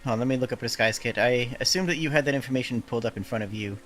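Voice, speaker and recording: A man running a tabletop game, reacting to the players in a quick, animated way. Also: mid-range voice, soft background music. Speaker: game master. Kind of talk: casual game chat.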